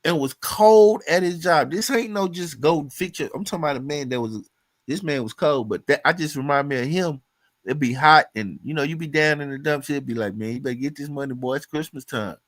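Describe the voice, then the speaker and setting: A man's voice: a little high, fairly quick, no echo. A man from Louisiana talking in casual chat as a podcast guest, swearing freely and acting out the voices in his stories. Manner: profane, storytelling, acts out quoted voices.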